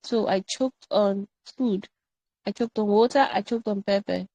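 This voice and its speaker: A woman teaching an online English grammar workshop, animated and playful, drilling example sentences again and again. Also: medium pitch, measured pace, dry recording, low-quality recording.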